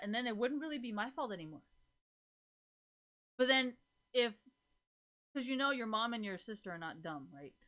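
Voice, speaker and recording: A young woman with a bright, forward voice talks straight to her stream audience in loose, rambling casual chat. She swears constantly and keeps slipping into laughter between her points. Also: on the high side, lively intonation, moderate pace, long pauses.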